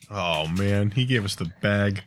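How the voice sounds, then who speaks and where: A man's voice: lowish voice, slight background noise. A man co-hosting a podcast in a studio, joking around and telling stories with enthusiasm. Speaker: podcast co-host. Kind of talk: casual chat.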